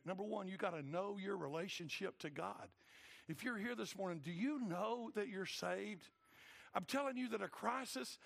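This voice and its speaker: A man, preaching a sermon emphatically and acting out voices, swinging between loud and hushed. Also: high voice, vocal fry. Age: 60s. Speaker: pastor.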